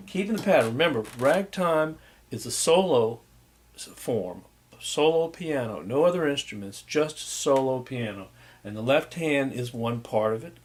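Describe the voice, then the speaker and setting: A man's voice: mid-range voice, slight background noise. A man teaching a music class, loosely explaining jazz rhythm and scatting and humming the patterns to demonstrate. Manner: scats and hums rhythms to demonstrate; unhurried, loose, with many fillers. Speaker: music instructor. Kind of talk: recorded lecture.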